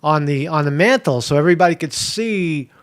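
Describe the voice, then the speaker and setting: A man voicing an eager, boastful husband who takes his wife hunting, his voice pitched up from his own. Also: expressive, brisk, clean tone, lightly acted. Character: boastful big-game-hunter husband, middle-aged man.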